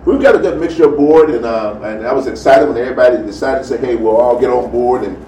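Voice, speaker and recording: A man's voice: mid-range voice, quick pace, mellow, recorded from a distance. Casting: male pastor, easygoing chatty delivery, heard from off the mic in a roomy hall. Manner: chatty, lots of "you know" and "amen". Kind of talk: casual sermon with announcements. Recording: roomy, from off the mic, faint noise.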